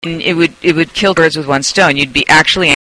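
Bright, bubbly woman hosting a chat. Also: deep voice, a little fast, poor audio. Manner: playful, teasing. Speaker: host. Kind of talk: casual chat.

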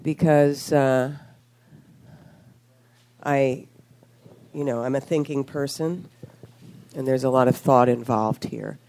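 A woman's voice: extremely low pitch, fairly even intonation, takes it slowly, pauses often, mellow, a little hiss or hum. A woman hosting a radio talk show as a sex therapist, bubbly and joking with callers and co-hosts.

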